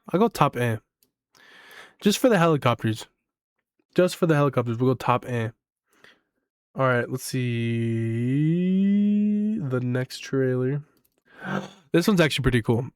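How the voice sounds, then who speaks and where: A young man giving casual reaction commentary as a gaming YouTuber, excitable and rambling, swearing and saying "like" a lot. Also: medium pitch, clear, resonant tone, dry recording, studio quality.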